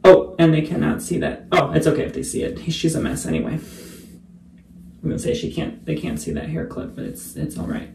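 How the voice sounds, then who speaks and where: Chatty male vlogger, quiet asides. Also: fairly high pitch, fairly even intonation, fairly quick, vocal fry. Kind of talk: casual get-ready-with-me vlog.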